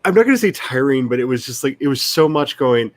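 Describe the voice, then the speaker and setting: A man's voice: mid-range voice, sing-song, quick pace, dry recording. Rambling, laughing man on a dry mic. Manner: rambling, self-deprecating, laughs often, many restarts. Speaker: author and livestream host. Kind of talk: casual livestream chat.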